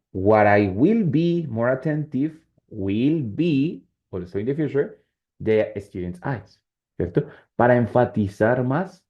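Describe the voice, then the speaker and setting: This English teacher, whose first language is Spanish, explains a lesson in an online class, mixing both languages and often asking if students are keeping up. His mid-range voice comes through a muffled recording.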